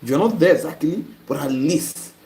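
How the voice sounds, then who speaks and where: This online course teacher is a Nigerian-accented man whose voice sits on the high side with a darkish tone, moving at a moderate pace. During his live-stream lesson he goes through viewer comments and scolds incorrect answers bluntly, all over noisy audio.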